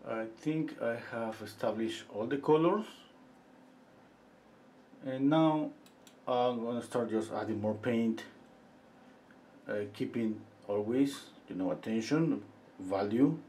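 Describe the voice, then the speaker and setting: A middle-aged man with a mellow, warm voice leads a live painting lesson. He talks through each step as he paints, pausing often and trailing off into fillers. Faint noise sits behind him. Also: medium pitch. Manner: relaxed, thinking aloud while he paints, with frequent pauses and fillers; chats with viewers between steps. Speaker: painting instructor.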